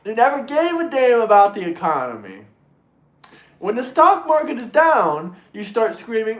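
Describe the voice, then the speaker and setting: A man hosting a political livestream, ranting in a mocking, crude, sarcastic way and mimicking opponents in shrill voices. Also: very animated, moderate pace, fairly bright tone, roomy sound. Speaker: livestream host reading super chats.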